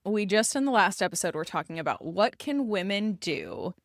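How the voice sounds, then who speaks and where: A woman co-hosting a casual podcast as an embodiment coach, talking in emphatic bursts that slow down for deliberate phrasing. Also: medium pitch, very animated, dry recording, clean studio sound.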